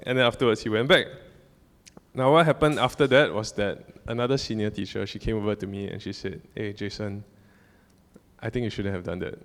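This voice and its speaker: A man's voice: fairly low pitch, steady tone, a little fast. A young man tells a personal story as a casual church talk, rambling with many fillers and restarts. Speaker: church speaker. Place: church hall. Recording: long hall reverb.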